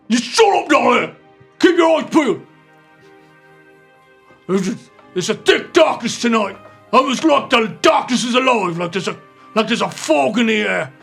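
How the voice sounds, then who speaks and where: A man voicing a gruff male guard on a wall with an attempted Scottish-style accent, calling out loud warnings. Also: extremely high pitch, full character voice. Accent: attempted Scottish-style fantasy dialect. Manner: loud, rough, warning calls.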